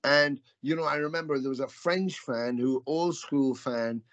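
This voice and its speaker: A man's voice: mid-range voice, normal speed, a bit bright, dry recording. A man being interviewed as a musician, talking in a rambling, reflective way with many restarts. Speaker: musician guest. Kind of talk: casual interview chat. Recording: slightly dull, dry audio.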